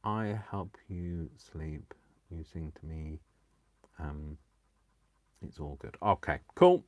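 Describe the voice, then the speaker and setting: Speaking slowly in a bass voice, a craft channel host chats casually on his livestream while crafting. The recording is dry and studio-clean, and his talk is rambling, giggly, and self-deprecating.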